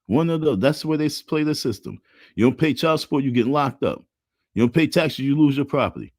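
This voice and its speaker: A man's voice: medium pitch, fairly quick, no echo. Black guy ranting on his stream, voice jumping all over, mocks people, dry sound. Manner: animated, repetitive chanting, mocking voices. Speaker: livestream host. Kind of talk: casual livestream rant.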